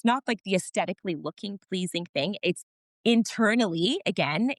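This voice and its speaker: A woman's voice: medium pitch, no echo. A woman guest on a podcast, a mother of four, telling her story candidly and earnestly, laughing often and restarting sentences.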